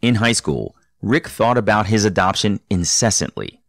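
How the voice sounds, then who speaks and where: A man narrates a podcast episode in a measured, explanatory manner. His voice sits low and sounds dry and close to the mic. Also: big pitch swings, gravelly, fairly bright tone, dry recording. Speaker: podcast host. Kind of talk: scripted narration and interviewing.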